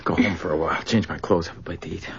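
A man's voice: low voice, fairly even intonation, fast, breathy edge. An actor playing a worried father, tense and irritable, swearing under strain. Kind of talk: film drama acting. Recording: dull muffled film audio.

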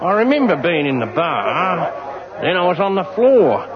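A man's voice: a little high, very animated, normal speed, muffled recording, crowd noise. A man playing an old, boozy, muddled Australian journalist with an Australian accent, rambling in a forgetful drawl.

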